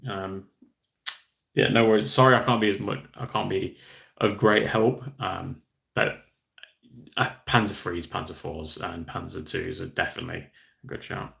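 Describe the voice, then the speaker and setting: A man's voice: low-pitched, little pitch movement, normal speed, gravelly, long pauses, fairly bright tone. A man hosting a casual live stream, chatting in a rambling, self-deprecating way while answering viewer comments. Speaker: livestream host.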